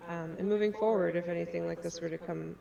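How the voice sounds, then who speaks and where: A woman in a tabletop game, her voice low and gravelly. She talks in a flat, hesitant way full of fillers. She is picked up from a distance with crowd noise behind her. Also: fast, highs cut off. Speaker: player. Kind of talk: casual tabletop game talk.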